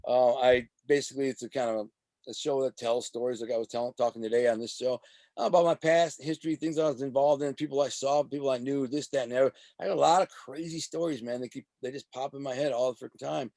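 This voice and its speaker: Rapid-fire tough-talking man. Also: mid-range voice, no room sound. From Detroit. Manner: rapid, animated, tough-talking, many restarts. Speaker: guest, author and radio host. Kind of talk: casual storytelling interview.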